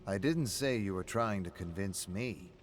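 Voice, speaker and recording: A man voicing a calm, wry pub-owner friend who needles with dry, steady remarks. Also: low-pitched, a little slow, faint music behind.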